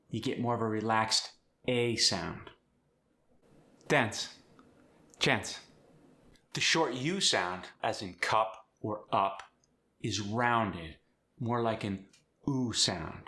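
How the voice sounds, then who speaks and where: A man's voice: on the low side, pushed and bright. A man teaching an in an upbeat, step-by-step tutorial. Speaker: accent coach. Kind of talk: instructional tutorial.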